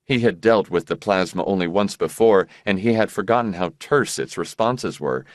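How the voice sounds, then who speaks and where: A man narrating an audiobook in a measured, expressive reading voice. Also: deep voice, no room sound, clean studio sound. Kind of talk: scripted narration.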